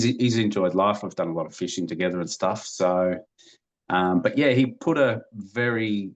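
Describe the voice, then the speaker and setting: A man, a podcast guest telling family stories in a rambling way, with many restarts and small laughs. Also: on the low side. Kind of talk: casual storytelling.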